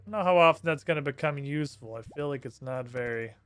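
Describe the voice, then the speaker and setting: Man streamer, crude and chatty, bright tone, slightly high voice. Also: fast talker, clear, resonant tone, no room sound. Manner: brash and profane, thinking aloud. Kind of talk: live gameplay commentary.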